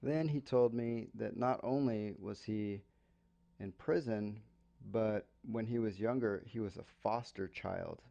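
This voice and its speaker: Gravelly low-voiced American man telling a story. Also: unhurried, muffled recording. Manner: relaxed, explains slang for learners. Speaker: English podcast host. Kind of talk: casual storytelling lesson.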